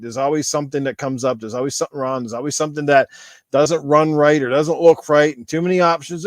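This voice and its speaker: A man's voice: on the high side, no echo. Laid-back swearing podcast host man. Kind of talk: casual podcast chat.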